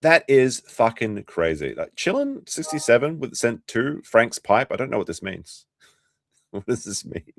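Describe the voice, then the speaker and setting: A man's voice: mid-range voice, huge pitch swings, normal speed, gravelly, no echo, studio quality. A man hosting a casual commentary stream, ranting and swearing freely. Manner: profane, ranting. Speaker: stream host.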